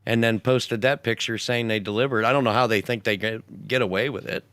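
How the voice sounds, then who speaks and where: A man chatting casually on a podcast, telling stories in an animated, jokey way. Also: medium pitch, fairly quick, clean tone, no room sound. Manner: animated, jokey, puts on voices. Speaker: podcast host. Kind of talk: casual chat, storytelling.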